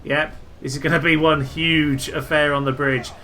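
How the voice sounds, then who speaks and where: A young man giving casual, jokey commentary over a strategy game, breaking into loud excited exclamations. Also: on the high side, moderate pace, a little hiss or hum. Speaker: gaming video host.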